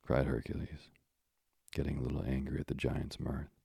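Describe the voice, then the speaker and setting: A man narrating a classic storybook in a measured, old-fashioned manner, with moralizing asides. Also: extremely low pitch, little pitch movement, creaky, dark tone, breathy edge, no room sound, studio quality.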